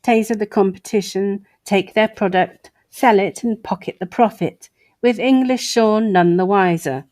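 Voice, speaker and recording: A woman's voice: mid-range voice, measured pace, a little mellow, no echo. Sarcastic woman reading an article aloud. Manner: sarcastic asides between read passages. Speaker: host.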